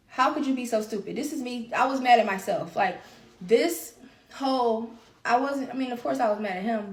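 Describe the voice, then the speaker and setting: Woman podcast host, mid-pitched and raspy-edged, rambling confessional delivery, echoey room. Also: recorded from a distance. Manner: candid and rambling, repeats phrases for emphasis. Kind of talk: solo confessional podcast talk. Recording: roomy echo.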